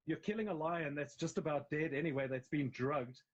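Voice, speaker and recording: A man's voice: a little high, fairly quick. South African male actor, chatty guest, emphatic rambling delivery, slightly muffled phone audio. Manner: rambling, emphatic, frequent restarts. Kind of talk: casual interview chat. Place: at home on a live video call. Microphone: mobile phone live stream.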